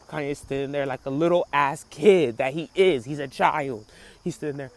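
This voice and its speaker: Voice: medium pitch, normal speed. Laughing, slangy podcast cohost. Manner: laughing, slangy, animated storytelling. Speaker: podcast host. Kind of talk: casual commentary on a clip.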